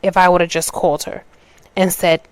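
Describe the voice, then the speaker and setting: A woman talks through a personal story on her podcast, casual and loose, often restarting mid-sentence. Her voice sits fairly low and sounds smooth and clear. The recording is dry and close, with no room sound. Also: little pitch movement, brisk, dry recording. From New York. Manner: conversational, restarts mid-sentence, acts out quoted dialogue. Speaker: podcast host.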